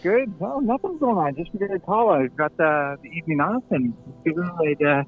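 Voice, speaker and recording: Canadian male caller on a tinny phone line, easygoing drawl, slightly higher than average pitch. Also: lively intonation, normal speed, soft background music. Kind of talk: casual phone-in chat.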